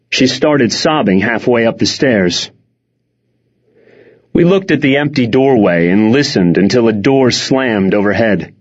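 A man reading first-person audiobook narration in a wry, expressive way. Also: medium pitch. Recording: dull lo-fi recording.

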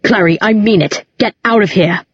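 A woman voicing a grieving, bitter grown man in an audiobook, with a low, cutting delivery. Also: normal speed, husky, dry recording. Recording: dull, muffled recording.

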